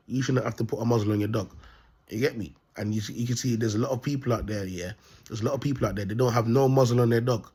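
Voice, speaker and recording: A self-styled prophet vlogger talks to the camera in a rambling, repetitive monologue, laughing at his own points and checking in with his listeners over and over. His voice is medium in pitch, with a darkish tone and a breathy edge.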